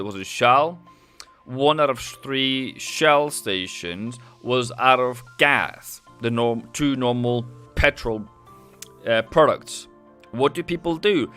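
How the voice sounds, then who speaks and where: Male streamer, bright forceful voice, chatty and rambling, faint music underneath. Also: medium pitch. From Norway. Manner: rambling and chatty, often self-correcting. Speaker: trading streamer. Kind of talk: live market commentary.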